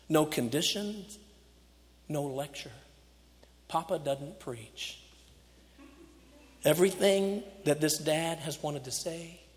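A man preaching a storytelling sermon, swinging from loud to hushed and laughing off his own slips. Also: on the high side. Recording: echoey hall.

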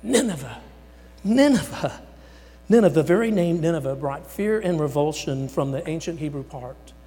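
A man's voice: a little high, moderate pace. Dramatic preacher man in a reverberant hall. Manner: dramatic, voices the words of God and Moses; swings between loud emphasis and near-whispers. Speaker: pastor. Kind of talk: sermon. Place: church sanctuary. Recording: long hall reverb with mains hum.

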